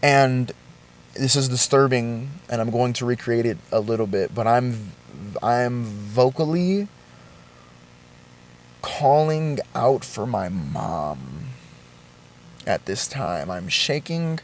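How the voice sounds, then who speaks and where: A young man vlogging a confessional story, shaken and halting, with swearing and frequent restarts. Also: mid-range voice, animated, slight background noise.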